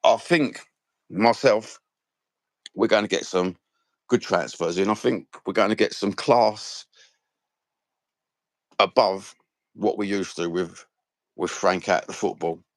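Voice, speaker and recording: A London man with a Cockney accent hosts a fan channel live stream, rambling and swearing through slang-filled, casual chat. His low voice moves slowly with long pauses, and there's no room sound.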